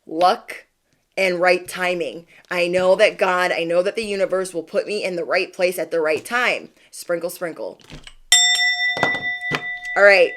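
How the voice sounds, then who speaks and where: A woman's voice: on the low side, steady tone, normal speed, fairly bright tone. Chatty, encouraging woman tarot reader. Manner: chatty, playful, keeps asking "okay?"; encouraging, speaks straight to viewers. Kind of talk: livestream card reading.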